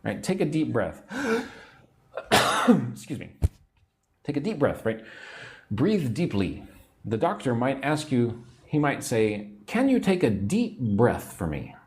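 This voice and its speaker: An American man giving a livestream English lesson, repeating phrases clearly and greeting viewers by name. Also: medium pitch, sing-song, unhurried, a little mellow. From United States. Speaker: English teacher.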